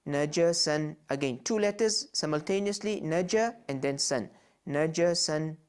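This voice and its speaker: A man teaching Quran reading, sounding out each letter and syllable slowly and repeating them for learners. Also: high voice, animated. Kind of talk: slow instructional recitation of letter sounds.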